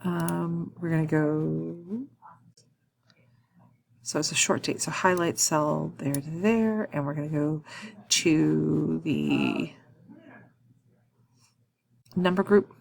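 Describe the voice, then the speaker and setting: A woman walking through a software task in a screen-recorded tutorial, thinking aloud with frequent ums and quick self-corrections. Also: deep voice, steady tone, vocal fry. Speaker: instructor.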